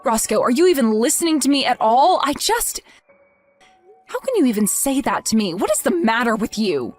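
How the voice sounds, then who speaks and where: A woman's voice: on the high side, very animated, normal speed, faint music behind. A woman voicing a heartbroken young wife in an acted text story, pleading and stammering over her words. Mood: indignant.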